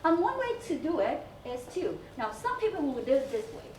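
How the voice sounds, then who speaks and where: A woman English teacher with a Hong Kong English accent gives a recorded class lesson on school TV, explaining step by step, spelling words letter by letter and using many fillers. Her voice is high-pitched, sing-song, a little fast and darkish. She is far from the mic in an echoey school room with faint hiss.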